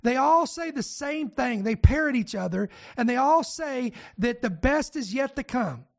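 High-pitched preacher guy, fired up, keeps asking the listener stuff. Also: animated, unhurried, gravelly. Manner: fervent, emphatic, rhetorical questions. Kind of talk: podcast sermon.

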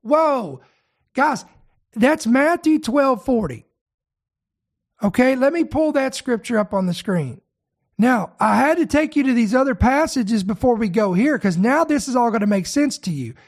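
A man preaching a sermon, reading scripture aloud and breaking in to address his listeners directly, slowing down to stress key words. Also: extremely high pitch, animated. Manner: slows to stress key words, then speeds up.

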